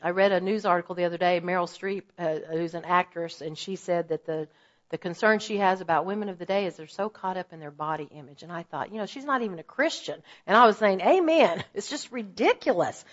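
Earnest woman teaching a women's ministry talk. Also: mid-range voice. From Oklahoma. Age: 50s. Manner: earnest, animated storytelling with asides. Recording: slightly dull, muffled audio.

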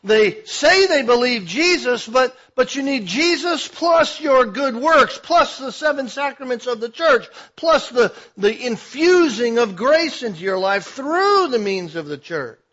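Emphatic high-voiced male preacher. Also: very animated, measured pace, few pauses, lo-fi sound. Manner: emphatic preaching, swinging between loud declarations and quiet asides. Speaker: pastor. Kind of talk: sermon.

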